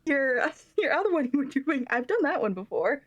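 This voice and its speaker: A woman guest on a live stream, reacting with excitable exclamations. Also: sits high, moderate pace, dull audio. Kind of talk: casual live-stream chat.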